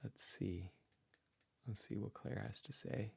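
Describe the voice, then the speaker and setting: Gravelly, slow-talking male host. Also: lowish voice, a little mellow. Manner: thinks aloud, reads chat comments, sings snatches. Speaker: host and psychologist. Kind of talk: casual livestream guessing game.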